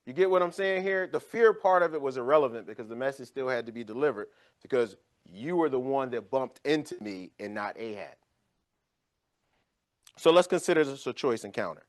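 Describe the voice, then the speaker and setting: A man teaching an informal Bible study, explaining scripture with lively storytelling and acted-out scenes. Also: mid-range voice, a little fast. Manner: animated storytelling, acts out scenes.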